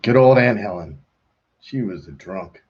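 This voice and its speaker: A man's voice: lowish voice, expressive, unhurried. Casting: middle-aged man, playful designer host who mutters while he works, dull lo-fi sound. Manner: joking, talks to himself while working. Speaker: pool designer hosting a live design call. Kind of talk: casual chat while designing on a computer. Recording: dull lo-fi stream audio.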